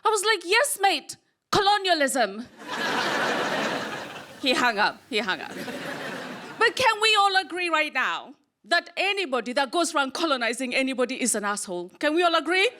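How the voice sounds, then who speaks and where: A woman from Kenya performing a stand-up comedy set on a club stage, with punchy deadpan delivery and pauses for laughs. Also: high voice, noisy background.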